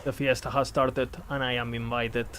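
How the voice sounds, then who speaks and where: A man streaming a game, thanking subscribers and reacting in animated, playful talk that is full of swearing. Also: mid-range voice, moderate pace, noisy background. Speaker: gaming streamer. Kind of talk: casual game commentary.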